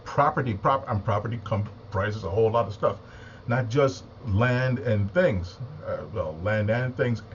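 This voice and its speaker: Agitated male commentator, emphatic and repetitive, slightly muffled lo-fi audio. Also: a little slow. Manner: agitated, emphatic, repeats words and takes deep breaths. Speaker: political commentator. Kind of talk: impassioned monologue. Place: home, with a small AM radio nearby. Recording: slightly dull lo-fi recording with faint noise.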